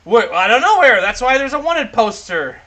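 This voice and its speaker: A man's voice: very high voice, sing-song, moderate pace, pushed and bright, pitched above the performer's own voice, full character voice. A man voicing a blunt, dismissive male dwarf merchant in a tabletop game, answering curtly and impatiently. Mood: exasperated. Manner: curt, impatient replies.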